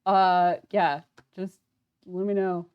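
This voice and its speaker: A woman's voice: lowish voice, level tone, slow pace, clean tone, lo-fi sound. A young woman chatting casually while playing a game on stream, self-deprecating and full of fillers. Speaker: let's play streamer. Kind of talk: casual gameplay commentary.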